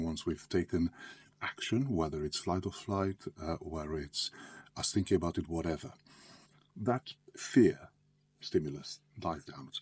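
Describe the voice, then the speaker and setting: A man with a very deep, heavily husky voice explains things conversationally. He talks like a therapist and drifts into frequent asides along the way. His tone is loose and plainspoken rather than polished. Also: no echo. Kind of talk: explanatory talk.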